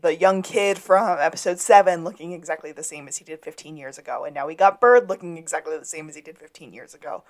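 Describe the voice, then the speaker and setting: A woman co-hosting a podcast who recaps TV episode scenes in a relaxed, wry, casual way. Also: low voice, fast talker, hardly any pauses. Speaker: podcast co-host.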